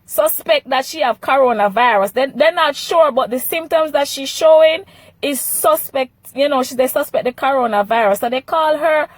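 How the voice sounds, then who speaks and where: A woman's voice: high voice, normal speed, dry recording. A Jamaican woman vlogger commenting on a news clip in an emphatic, pleading way, slipping into dialect.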